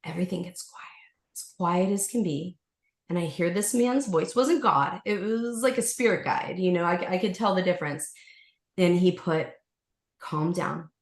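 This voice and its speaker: A woman who teaches yoga, guesting on a podcast and telling a personal story in a lively, casual way, acting out the voices of the people in it and using lots of fillers. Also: on the low side, moderate pace. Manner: animated, acts out voices, many fillers. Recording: roomy room echo.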